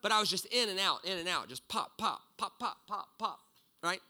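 A middle-aged man delivering a storytelling sermon in a slightly high, very bright voice. He swings from loud bursts down to quiet asides. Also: lively intonation, normal speed. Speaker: pastor.

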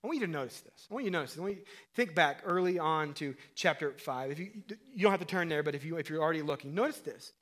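A man preaching a sermon as pastor, asking his listeners questions and acting out quoted voices, swinging between loud emphatic calls and quiet low passages. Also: animated, racing, hardly any pauses. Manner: acts out quoted voices and asks the crowd questions.

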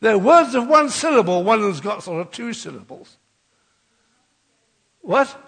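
A man's voice: sits high, big pitch swings, measured pace, creaky, fairly bright tone, husky, long reverb tail. An older man preaching an Easter sermon, rousing and leading the congregation in call-and-response.

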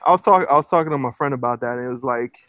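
A man's voice: mid-range voice, racing, a bit bright, dry recording. Rambling man on a dry podcast mic. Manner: rambling, many fillers and restarts. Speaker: podcast co-host. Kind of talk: casual podcast chat.

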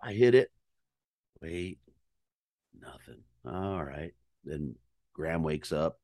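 A man telling a hunting story in casual chat, animated and profane, acting out calls and his own reactions. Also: extremely low pitch, slow. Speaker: guest storyteller on a hunting podcast.

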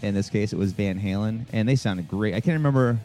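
A podcast co-host with a lowish, warm voice talks fast. He rambles through a story in casual chat, laughing easily, with faint rock music playing behind him.

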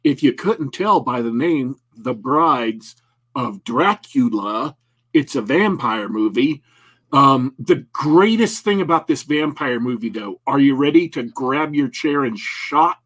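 A man's voice: mid-range voice, expressive, takes it slowly, a bit bright, slightly rough. A man co-hosting a casual talk show, rambling and joking with many restarts. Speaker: podcast co-host. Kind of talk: casual chat.

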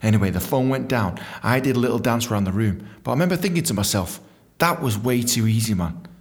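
A young man hosting a podcast, telling a story in an animated, swearing way and acting out other people's voices. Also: mid-range voice, quick pace. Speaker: podcast host. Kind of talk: casual storytelling.

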